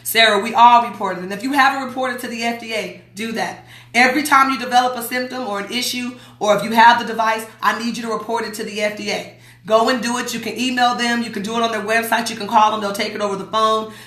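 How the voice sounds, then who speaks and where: A woman's voice: fairly high pitch, fairly even intonation, fast talker, a bit bright, reverberant. A woman from Las Vegas hosting a livestream, reading viewer comments aloud in a blunt, emphatic way and repeating her warnings. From Las Vegas, USA. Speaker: host.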